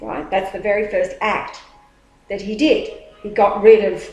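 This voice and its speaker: A woman's voice: medium pitch, a little slow. Woman retelling a story in a roomy space. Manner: rambling, animated retelling with many restarts. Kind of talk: casual storytelling talk. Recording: roomy echo.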